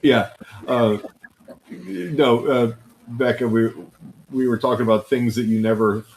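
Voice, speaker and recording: Low-voiced man telling stories. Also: slight background noise, low-quality recording. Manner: storytelling, acting out quoted voices. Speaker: podcast co-host. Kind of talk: casual podcast chat.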